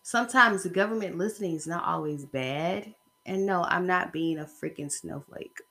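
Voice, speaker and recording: A woman's voice: on the low side, normal speed, pushed and bright. A woman talking in a casual opinion vlog, rambling and emphatic as she speaks straight to her viewers. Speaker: vlogger.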